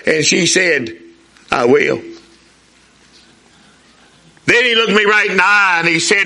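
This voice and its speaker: A pastor in his sixties preaches a sermon in a folksy call-and-response style. His voice is bright and sits fairly high for a man. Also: expressive, normal speed, pauses often.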